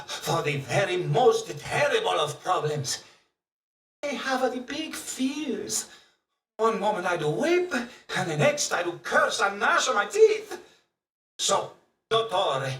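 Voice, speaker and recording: A boisterous comic Italian patient. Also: male voice, high voice, sing-song, takes it slowly, fairly bright tone, full character voice. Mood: complaining. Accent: exaggerated comic Italian. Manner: broken English, boisterous. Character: Elizabethan-era Italian man, comic hypochondriac patient. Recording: roomy, distant game audio.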